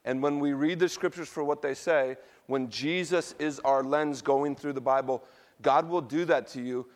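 A middle-aged male pastor preaching a sermon, telling personal stories in a relaxed, conversational way and laughing at himself now and then. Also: on the high side, moderate pace.

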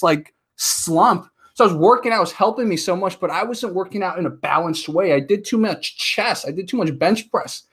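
A man in his thirties talking casually as a podcast guest, telling stories and acting out quotes in an animated way. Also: high voice, breathy edge. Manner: chatty, animated storyteller, acts out quotes.

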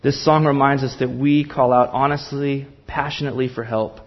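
Man, pastor, sermon, earnest impassioned preaching, emphatic repetition, middle pitch, slightly muffled recording. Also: fairly even intonation, moderate pace.

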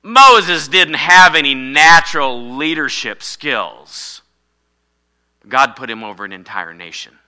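A man's voice: mid-range voice, animated, slow pace, pushed and bright, smooth. A man preaching a sermon, emphatic and repetitive, calling for amens from the congregation. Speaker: pastor.

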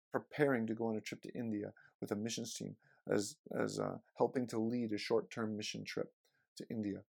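A man's voice: fairly low pitch, creaky, darkish tone. A middle-aged man, preaching a sermon in a conversational, storytelling way. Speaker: pastor.

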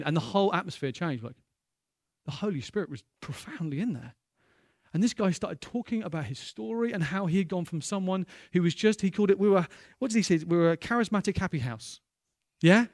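A man preaching a sermon, telling stories in a lively way that jumps into loud, excited bursts. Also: high voice, no echo, clean studio sound.

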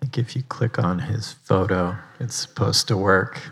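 A man's voice: lowish voice, normal speed, a bit bright, slightly rough, big-room sound. A man giving a casual sermon as pastor, chatty, with rambling asides.

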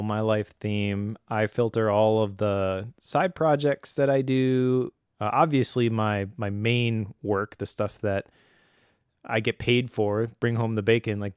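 A man co-hosting a podcast in a relaxed, chatty way, often breaking into easy laughter. His voice sits a little low and sounds smooth and clear. The recording is close and dry. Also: dry recording. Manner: relaxed storyteller, laughs easily. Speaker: podcast co-host. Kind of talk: casual conversational podcast.

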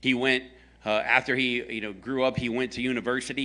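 A man's voice: medium pitch, fairly even intonation, normal speed, sharp tone. A man from the American South preaching a conversational sermon, telling a story with jokes aimed at his congregation. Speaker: pastor.

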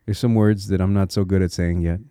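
A low-pitched man with a warm, mellow tone hosts a solo podcast, reflective and earnest as he encourages his listeners. He thinks aloud, restarting small phrases now and then. The sound is dry, with no room echo. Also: fairly even intonation, brisk, clear, resonant tone. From Connecticut, USA. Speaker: podcast host.

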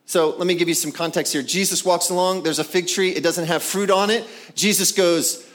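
A man preaching a sermon, animated and conversational, acting out scripture scenes with playful voices. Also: sits high, a little fast. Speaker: pastor.

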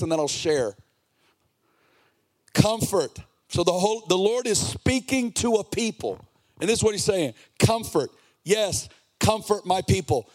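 A man in his forties preaches with a raised, high-pitched voice. His delivery is earnest and impassioned, and at times it lilts into a sing-song cadence. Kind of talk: sermon.

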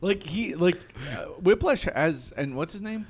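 A man whose voice sits a bit higher than most. He rambles and rants on a casual podcast, leaning on "like" and mild profanity, and sounds loose and unscripted. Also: lively intonation, a little slow, very noisy. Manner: rambling and ranty, profane, many likes. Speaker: podcast co-host. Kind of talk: casual movie chat.

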